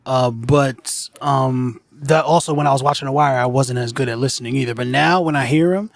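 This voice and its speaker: A man co-hosting a casual podcast chat, animated, slangy and profane. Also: medium pitch, brisk, vocal fry, no echo. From United States. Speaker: co-host.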